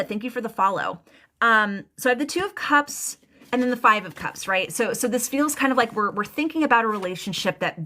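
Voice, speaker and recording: A woman's voice: medium pitch, bright, forceful tone. A young adult woman giving a live tarot reading, chatty and emotional, rambling with lots of fillers and restarts. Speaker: tarot reader.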